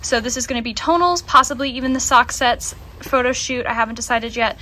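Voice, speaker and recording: A woman's voice: a little high, brisk, sharp tone. A woman giving a chatty vlog walkthrough of her craft studio, with lots of "um" and "like". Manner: chatty, with fillers like "um" and "like". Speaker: small business yarn dyer.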